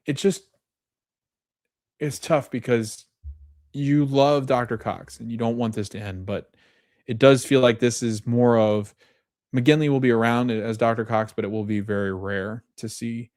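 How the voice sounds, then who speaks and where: A man's voice: medium pitch, fairly even intonation, normal speed, a little mellow, no echo, clean studio sound. A man hosting a podcast, retelling scenes in casual chat, reading quoted lines and often correcting himself. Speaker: podcast host.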